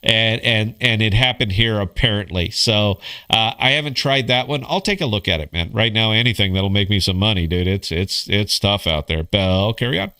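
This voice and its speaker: Laid-back bright-voiced male podcast host. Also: on the low side, normal speed, few pauses. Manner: laid-back, swearing, calls people bro and dude. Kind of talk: casual livestream chat.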